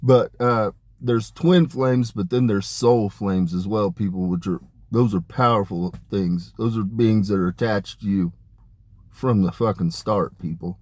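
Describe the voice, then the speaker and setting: A man talking in a rambling, emphatic monologue about spiritual matters, dropping his voice low on asides. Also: a little slow, darkish tone, dry recording. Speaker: spiritual channeler. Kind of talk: casual spoken monologue.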